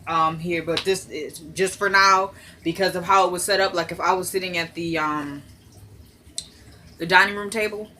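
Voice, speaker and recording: A woman with a fairly low, steady, sharp-toned voice speaks at a normal speed, with slight background noise. Sitting in her living room, she chats casually into her propped-up phone camera, recapping a TV episode and acting out the characters' lines.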